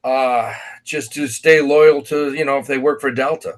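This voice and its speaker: A man of mid-range pitch chatting on a podcast. He tells stories about friends in a loose, meandering way, with plenty of fillers. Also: steady tone, normal speed. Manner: rambling anecdotes with many fillers. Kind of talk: casual podcast chat.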